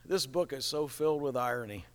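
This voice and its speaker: A man preaching a sermon in an animated way, acting out the people he quotes. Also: medium pitch, a little fast. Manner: animated, acts out quoted voices, chuckles at the irony. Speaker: pastor. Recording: reverberant hall.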